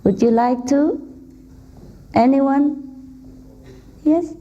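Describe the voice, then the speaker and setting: A woman's voice: sits high, extremely slow, highs cut off. A woman spiritual teacher giving an informal talk to an audience in a hall, teasing and laughing often, in simple non-native English.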